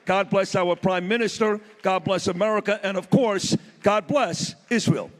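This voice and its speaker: A man's voice: high-pitched, normal speed. A man giving a blunt, impassioned speech to a live summit audience. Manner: blunt, fired-up, plainspoken. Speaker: summit speaker. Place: conference hall with audience. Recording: long reverb of a large hall.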